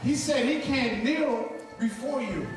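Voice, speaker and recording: A man preaching fervently in short lines, pausing so an interpreter can translate. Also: very high voice, far from the mic, over music. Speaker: guest preacher. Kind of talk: sermon with interpreter. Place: large church hall with congregation. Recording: echoey hall, voice from off-mic, crowd behind.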